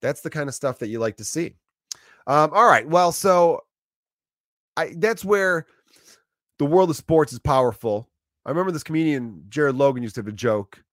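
A man in his thirties talking in a loose, rambling monologue, telling animated stories with restarts and swearing. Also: on the high side, normal speed, long pauses, no echo, studio quality.

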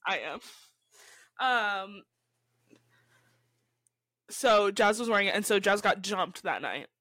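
A woman's voice: mid-range voice, expressive, slow pace, fairly bright tone. A young woman from California, co-hosting a podcast and telling stories in a rambling, casual way, acting out what people said with lots of restarts. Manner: chatty storyteller, quotes people in their own voices, frequent likes and restarts. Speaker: podcast co-host. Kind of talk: casual chat.

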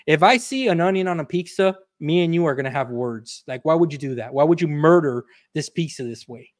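A young man from the Miami area, a podcast guest telling stories in casual chat, animated and swearing freely as he acts out quotes. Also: on the high side, fairly quick, dry recording, clean studio sound.

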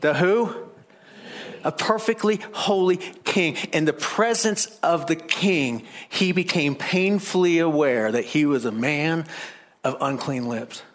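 A man preaching a sermon, animated, rising loud and high to make his points. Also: slow.

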